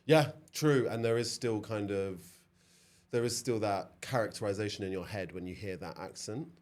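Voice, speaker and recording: Chatty low-voiced man hosting a podcast. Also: darkish tone. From London. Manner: chatty, quick to laugh, lots of "like". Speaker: podcast host. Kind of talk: casual interview chat.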